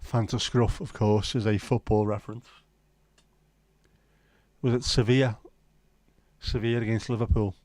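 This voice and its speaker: A man's voice: fairly low pitch, fairly even intonation, moderate pace, long pauses, a little mellow, no room sound. A man in his fifties hosting a livestream, chatting in laid-back banter with dry jokes and the odd swear. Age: 50s. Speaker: livestream host. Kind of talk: casual chat.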